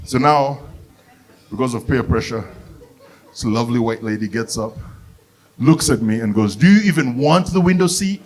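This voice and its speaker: A young man from Uganda doing a stand-up comedy set, telling a lively story and acting out the people in it. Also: medium pitch, normal speed, long pauses. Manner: animated storytelling, acts out characters, bursts of excitement. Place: comedy venue with live audience.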